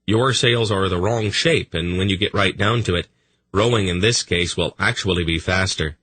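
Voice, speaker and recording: A man's voice: deep voice, moderate pace, fairly bright tone, no room sound. A man voicing an earnest, firm young male leader in an audiobook, slightly raised voice. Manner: earnest, apologetic but firm.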